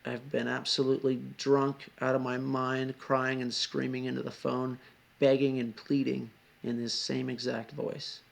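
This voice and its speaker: Brief: rambling confessional vlogger, man, very gravelly voice, lots of swearing. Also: mid-range voice, little pitch movement, a little slow. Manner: rambling, heavy swearing, frequent asides. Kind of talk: confessional storytelling vlog.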